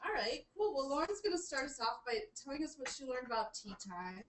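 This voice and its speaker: A woman's voice: sits high, sing-song, brisk, fairly bright tone, roomy sound, slight background noise, rough recording. A young woman hosting a casual group chat, upbeat and giggly, sometimes reading aloud from a book. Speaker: host.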